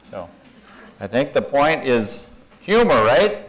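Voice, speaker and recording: Older male conference speaker with a mid-pitched voice, folksy and rambling, self-deprecating humor. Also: very animated, takes it slowly, long pauses, a little hiss or hum, low-quality recording. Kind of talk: conference talk, guided imagery. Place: conference room.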